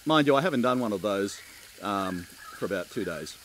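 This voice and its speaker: A middle-aged man with an Australian accent, giving chatty, relaxed interview answers and laughing easily. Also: on the low side, fairly quick, background noise. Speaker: keynote speaker.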